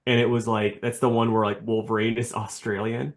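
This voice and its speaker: A man co-hosting a podcast in casual chat, animated and acting out quoted characters for laughs. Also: on the low side, brisk. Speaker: podcast co-host.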